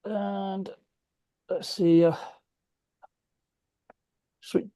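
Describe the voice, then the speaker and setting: Man, joke-telling friend, fairly high voice, dry close sound, home desk. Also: flat delivery, very slow, dark tone, no echo. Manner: chatty, storytelling, jokey. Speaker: guest friend on the stream. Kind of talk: casual chat and joke telling. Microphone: webcam or phone setup.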